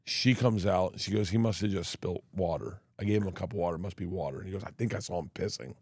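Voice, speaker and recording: A man telling wild personal stories as a guest, switching into loud laughing impressions of the people in them. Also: low voice, fast, gravelly, breathy edge, no room sound, studio quality. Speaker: guest storyteller. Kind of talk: comic storytelling.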